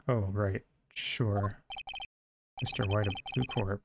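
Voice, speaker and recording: A man's voice: on the low side, fairly even intonation, moderate pace, a little hiss or hum. A man streaming a game, reading dialogue aloud and joking casually, swearing now and then.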